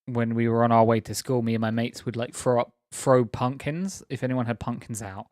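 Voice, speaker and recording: A man's voice: medium pitch, fairly even intonation, a little fast, a little mellow, no echo, studio quality. A young man chatting casually on a live stream, rambling, laughing often and teasing viewers.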